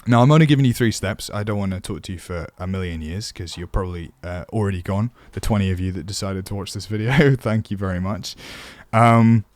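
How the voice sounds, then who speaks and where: A man's voice: on the low side, brisk, dry recording. A man teaching voice acting for tabletop games, chatty and self-deprecating. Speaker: dungeon master teaching voice acting. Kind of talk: casual tutorial.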